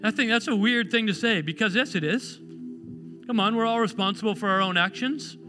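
High-voiced earnest male pastor preaching. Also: a little fast. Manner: earnest, builds to emphatic repetition then softens to prayer. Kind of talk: sermon. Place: church service. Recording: clear music playing behind. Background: music.

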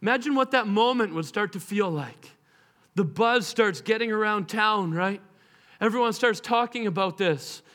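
A man preaching a sermon in a high, bright voice. He tells the story dramatically, acting out its voices and slowing down to stretch his words for emphasis. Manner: dramatic, acts out voices of people and Jesus in the story.

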